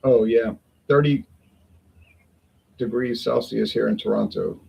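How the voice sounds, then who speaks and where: A man's voice: mid-range voice, fairly even intonation, measured pace, vocal fry, breathy edge, dull audio. A man chatting casually and rambling in a folksy way, talking at home in the heat with the windows open. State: sweating in the heat. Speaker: beer review vlogger.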